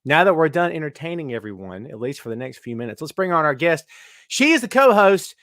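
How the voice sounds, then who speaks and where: A middle-aged man with a high-pitched voice hosts a casual live stream. He keeps up loud, joking, self-mocking banter as he greets viewers by name. The sound is dry and close, with no room echo. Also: animated, quick pace. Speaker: host.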